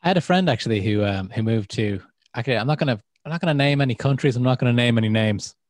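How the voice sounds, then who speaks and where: An Irish man co-hosts a podcast in easy, chatty talk. He spins stories and briefly acts out the voices of the people in them. His voice sits at an ordinary middle pitch, recorded close and dry with no room sound. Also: quick pace, dry recording. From Ireland. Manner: animated storyteller, acts out quoted voices. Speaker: podcast co-host. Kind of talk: casual podcast chat.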